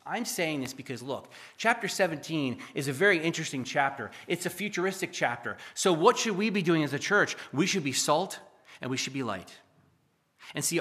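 A man's voice: medium pitch, fairly bright tone. A male pastor preaching a sermon in church, reading scripture aloud with emphasis and explaining it.

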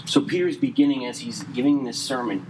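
A man's voice: medium pitch, in a large hall, background noise. Man preaching with a strained voice. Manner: conversational preaching with asides, quick bursts and slow emphatic stretches. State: losing his voice. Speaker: pastor. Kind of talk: sermon.

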